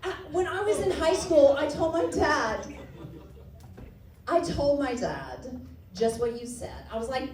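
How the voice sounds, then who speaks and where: A woman from Texas doing a stand-up comedy set, animated and self-mocking, breaking into laughter. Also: high-pitched, measured pace. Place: comedy club stage before a laughing audience. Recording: roomy club sound, distant mic, loud crowd.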